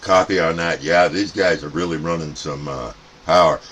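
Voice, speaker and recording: A man from the United States, chatty and loud when calling out, as a CB radio operator testing a radio. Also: extremely low pitch, normal speed, noisy background. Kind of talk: radio contact chat.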